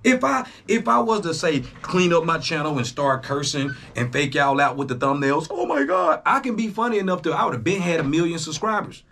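A young man, hosting a reaction channel in a casual, profane monologue that swings between loud jabs and low asides. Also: lively intonation, brisk, few pauses. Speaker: YouTube reaction host.

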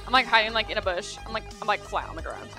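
A woman playing a tabletop role-playing game, playful and quick with her remarks. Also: mid-range voice, big pitch swings, over music. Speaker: player. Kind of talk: tabletop role-play chat.

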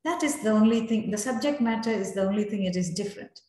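Woman, club meeting evaluator, encouraging, deliberate, very echoey room. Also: mid-range voice, warm tone, a little hiss or hum.

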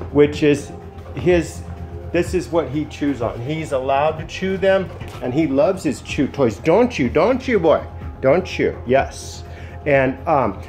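A man who sits and trains dogs, explaining casually at home. He alternates soft, soothing praise with short, firm commands. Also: a little high. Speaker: dog sitter and trainer. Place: indoors at home.

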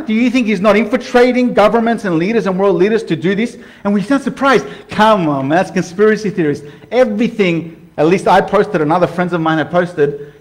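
A man with a high voice preaching in a loose, animated way. He talks straight to his viewers and calls them "guys." He slips into quoted voices as he goes. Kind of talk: casual sermon to camera.

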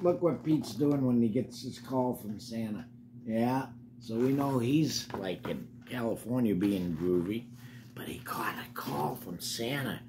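A man's voice: mid-range voice, noisy background. An older man reading a picture book aloud to children, breaking off for chatty asides to the kids. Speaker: storybook reader.

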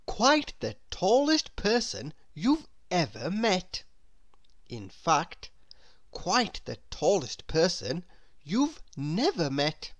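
A woman reading a children's picture book aloud in a slow, expressive, sing-song storytelling voice. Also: low-pitched, dry recording. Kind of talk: children's read-aloud narration.

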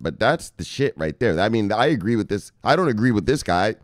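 A man's voice: fairly low pitch, brisk, no echo, clean studio sound. A man hosting a crypto news show, reading headlines and riffing on them in a casual, joking, profane way. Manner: animated, profane, joking asides, reads headlines then riffs.

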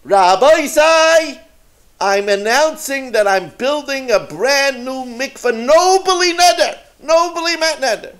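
A man voicing a stingy, brash, complaining townsman in a storytelling sermon, with loud, exaggerated whining. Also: very high-pitched, animated, measured pace, vocal fry, pauses often, voice pushed up, full character voice. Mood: proud.

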